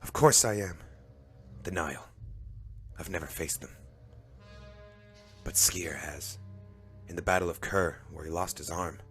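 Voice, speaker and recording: A man's voice: low-pitched, a little slow, pauses often, soft background music, voice pushed down. A man voicing a young, earnest, slightly unsure female Jedi knight in a comic read-aloud.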